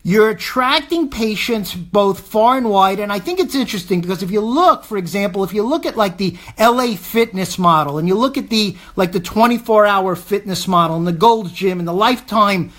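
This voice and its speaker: A woman's voice: mid-range voice, lively intonation, moderate pace, hardly any pauses, fairly bright tone. A woman hosting an interview show, asking questions with effusive praise and emphatic repetition. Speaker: show host.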